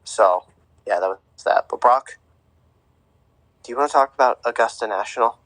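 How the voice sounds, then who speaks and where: A man's voice: medium pitch, moderate pace, a bit bright, no room sound, poor audio. A young man co-hosting a podcast, chatting casually about sports with a rambling, filler-heavy way of talking. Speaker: podcast co-host.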